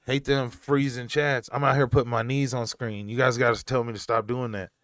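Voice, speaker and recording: A man's voice: medium pitch, flat delivery, brisk, a bit bright, dry recording, clean studio sound. A young adult man hosting a live stream from home, reading chat aloud and talking in a loose, slangy way with frequent laughs.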